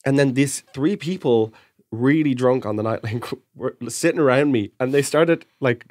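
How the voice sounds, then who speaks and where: A man's voice: medium pitch, darkish tone, no room sound, studio quality. A young man co-hosting a comedy podcast, telling anecdotes casually and stumbling over his words. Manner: quick anecdotal storyteller with stumbles and laughs. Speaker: podcast co-host.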